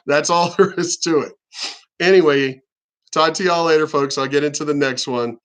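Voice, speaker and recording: A man talking in a casual, rambling vlog, swearing freely and laughing often, getting higher and louder when he rants. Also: normal speed. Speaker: vlogger.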